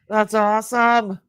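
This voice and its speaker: An older woman hosting a live jewelry sale stream, chatting casually and warmly with her viewers. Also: medium pitch, dry recording. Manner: chatty and warm-hearted, easily moved.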